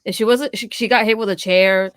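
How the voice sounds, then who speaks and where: A woman co-hosting a podcast in relaxed chat, talking with an accent and laughing often. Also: medium pitch, brisk, no echo, studio quality. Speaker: podcast co-host. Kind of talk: casual wrestling recap chat.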